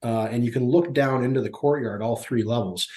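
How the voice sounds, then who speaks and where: A man in his forties, a youth hockey manager appearing as a podcast guest, talks in a mid-range, slightly mellow voice, a little fast. It's casual chat, and he rambles through stories at an easy pace, packing in lots of fillers.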